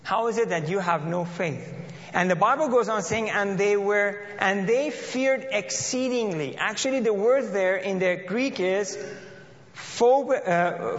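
A man preaching a sermon and reading scripture aloud, earnest, often repeating and restarting phrases. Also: high voice. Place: church. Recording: dull lo-fi audio in a reverberant hall.

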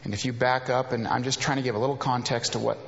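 A man's voice: medium pitch, level tone, fast, gravelly, slight background noise. A man preaching a sermon, reading scripture aloud and breaking off to explain and paraphrase it. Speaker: pastor. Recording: reverberant hall, dull lo-fi sound.

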